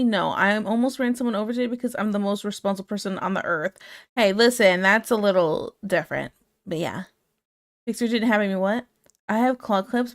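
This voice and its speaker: A woman's voice: mid-range voice, a bit bright. A woman streaming casually, chatting and laughing as she reads out her chat.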